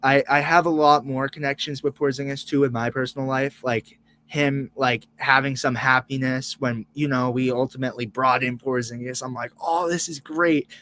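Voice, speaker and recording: A man's voice: medium pitch, level tone, moderate pace, sharp tone, slight background noise. A young man reacting live as co-host of a sports fan show, emotional and rambling, restarting and repeating words.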